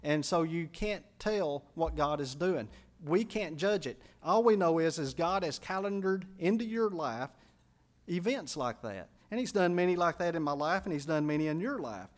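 High-voiced man preaching a sermon. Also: animated, normal speed. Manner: earnest storytelling, quotes people in their voices. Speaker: pastor. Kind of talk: sermon with personal story.

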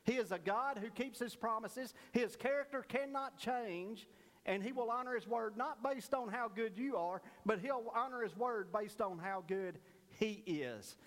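Brief: male pastor, folksy storyteller turned earnest preacher, high-pitched voice, church reverb. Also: unhurried, fairly bright tone. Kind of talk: sermon with a told joke.

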